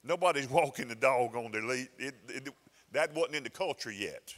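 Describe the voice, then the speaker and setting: A man's voice: medium pitch, lively intonation, moderate pace, fairly bright tone, big-room sound. A male pastor preaching a sermon in a folksy, conversational way, often restarting his phrases. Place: church sanctuary.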